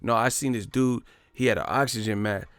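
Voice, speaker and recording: A man's voice: medium pitch, steady tone, fairly quick, fairly bright tone, no echo. A man telling a profane, rambling comic story in casual slang. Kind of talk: casual comedic storytelling monologue.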